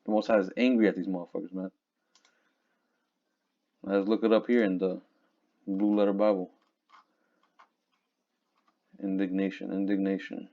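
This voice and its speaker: A man teaching from scripture in a casual, conversational way, reading verses slowly and looking up words aloud. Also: deep voice, flat delivery. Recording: dull lo-fi recording.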